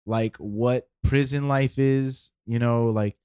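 A man in his forties talks loosely on a podcast, leaning on fillers and repeating himself. His voice sits at an ordinary pitch. The recording is dry and close. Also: takes it slowly, clean tone, dry recording. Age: 40s. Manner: relaxed, filler-heavy, repeats words. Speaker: podcast co-host. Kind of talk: casual chat.

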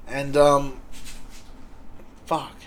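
A man's voice: medium pitch, monotone, drawn-out words, fairly bright tone, slight background noise. A young Australian man telling a rambling casual story, laid-back and swearing constantly, with lots of fillers.

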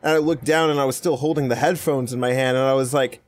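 A man with a mid-pitched voice chats casually as a podcast co-host. He tells a story with laughs and acts out what each person said. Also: fast talker, hardly any pauses, dry recording. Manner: laughing, anecdotal, quotes himself in voices. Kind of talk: casual chat. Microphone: remote voice chat.

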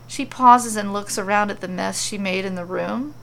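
A woman reading a fantasy story aloud as a podcast storyteller, with steady descriptive narration. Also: medium pitch, normal speed, vocal fry, hardly any pauses.

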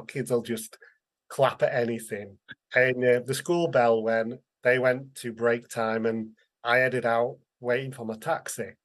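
An earnest author, appearing as an interview guest, recounts his life story candidly and conversationally in a middle-pitched voice. When quoting people, he acts them out with bright, lively voices.

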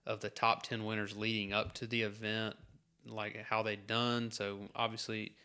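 A man with a lowish but bright, forceful voice co-hosts a casual podcast. He talks in an easygoing way and keeps nudging his partner along. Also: monotone, moderate pace, smooth. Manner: easygoing, prompting his co-host. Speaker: podcast co-host. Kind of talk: casual chat.

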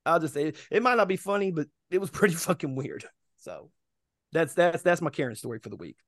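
A man's voice: fairly high pitch, a little fast, no echo, clean studio sound. A man in his thirties telling stories casually on a podcast, acting out the voices of people he met. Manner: animated, acts out other people's lines. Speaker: podcast co-host. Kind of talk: casual storytelling.

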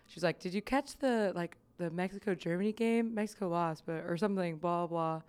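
Giggly woman hosting a chatty podcast, smooth voice. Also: on the low side, brisk, darkish tone. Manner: giggly, swearing, rambling with fillers. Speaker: podcast host. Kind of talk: casual podcast chat.

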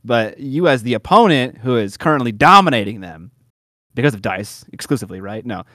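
A man's voice: mid-range voice, lively intonation, a little fast, sharp tone, dry recording, clean studio sound. A man chatting casually about tabletop and miniature war games, laid-back and jokey. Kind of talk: casual conversation.

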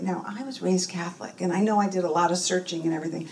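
A middle-aged woman with a slightly high voice speaks a little fast as she relates a personal story in an interview. Animated and full of feeling, she performs the voices of those in her tale, recorded a bit away from the mic.

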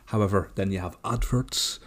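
A man's voice: fairly low pitch, normal speed. A man co-hosting a podcast, chatting casually and jokingly defending his side. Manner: animated, jokey, defensive. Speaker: podcast co-host. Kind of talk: casual chat.

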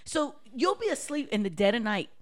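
A woman's voice: on the high side, big pitch swings. A woman chatting casually with friends, teasing them and swearing freely. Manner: teasing, profane, quick comebacks. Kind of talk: casual chat.

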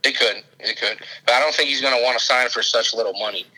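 Bright-voiced excitable young man. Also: medium pitch, fast talker, low-quality recording. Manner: excitable, emphatic, says dude and man. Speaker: podcast co-host. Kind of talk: casual sports chat.

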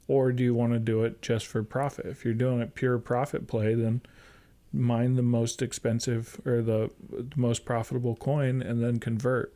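A man's voice: mid-range voice, level tone, moderate pace, warm tone. A man co-hosting a podcast, talking casually and hesitantly with many fillers and restarts. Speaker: podcast co-host. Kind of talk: casual chat.

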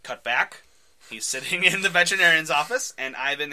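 A man hosting a casual podcast, retelling a comic book in an animated way and laughing often. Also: a little high, brisk. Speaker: podcast host.

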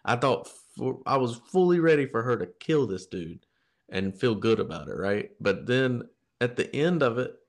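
A man's voice: medium pitch, sing-song, moderate pace, creaky. A man co-hosting a podcast, talking about movies in a rambling, enthusiastic way, with frequent restarts. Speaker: podcast co-host. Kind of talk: casual film discussion.

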